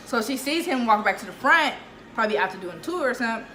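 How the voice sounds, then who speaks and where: Woman spilling a storytime, bright voice, echoey room with a little hiss. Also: on the high side, lively intonation, fast. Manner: chatty, retells dialogue, laughs often. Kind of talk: casual storytime chat. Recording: echoey room with faint noise.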